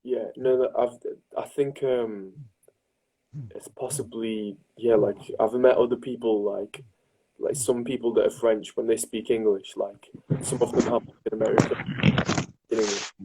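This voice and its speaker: A man's voice: medium pitch, little pitch movement, normal speed, mellow, slight background noise, rough recording. A man chatting as a guest on a casual livestream, hesitant and searching for words. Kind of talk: casual chat.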